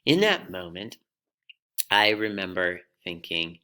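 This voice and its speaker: A man giving a reflective personal storytelling talk, pausing dramatically between short phrases. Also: lowish voice, expressive, sharp tone. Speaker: storyteller speaker.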